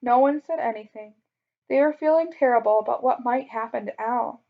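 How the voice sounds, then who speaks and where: A woman's voice: on the high side, moderate pace, creaky. Woman reading a children's story. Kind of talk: children's story read aloud. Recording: dull lo-fi recording.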